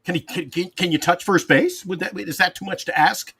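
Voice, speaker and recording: A man's voice: high-pitched, a little fast, vocal fry, bright, forceful tone, slightly rough, no room sound. A man panelist on a sports talk show, ranting in an exasperated, rambling way with restarts, calling in from a hot room. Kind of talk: animated sports fan rant.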